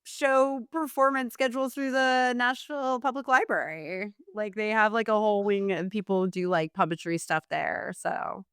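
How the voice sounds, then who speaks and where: A woman's voice: medium pitch, moderate pace, few pauses, a bit bright, smooth, dry recording, studio quality. Easygoing woman podcast guest. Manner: easygoing, rambling with fillers and laughs. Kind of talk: casual chat.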